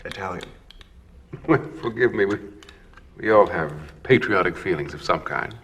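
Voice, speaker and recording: An actor playing a sly, courtly older court composer who talks in a smooth, ingratiating way and savors his words. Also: deep voice, expressive, normal speed, fairly bright tone, full character voice. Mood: mocking.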